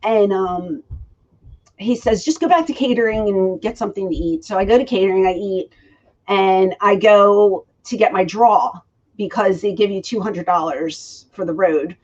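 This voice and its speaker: A woman's voice: mid-range voice, moderate pace. A woman in her forties telling stories in an interview, acting out quoted dialogue. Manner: animated storyteller who acts out quoted dialogue. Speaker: interview guest. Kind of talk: storytelling in a shoot interview. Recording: dull lo-fi recording.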